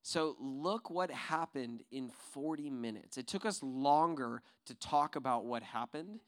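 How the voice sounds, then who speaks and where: A man leading a church group, who tells an excited testimony and then rallies the group with encouragement. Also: medium pitch, measured pace. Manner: excited storyteller, builds to rallying encouragement. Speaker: ministry leader. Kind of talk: testimony and exhortation.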